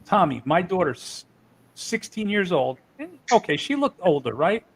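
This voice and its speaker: An interview guest tells heated stories in a casual interview, swearing freely. His high voice is very animated yet a little slow, husky with vocal fry, and the recording is rough.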